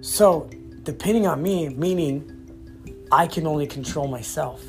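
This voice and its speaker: A man's voice: on the high side, unhurried, a little mellow. Man, casual devotional vlog, emphatic, conversational, faint music behind. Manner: conversational, emphatic, laughs easily. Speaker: Christian vlogger.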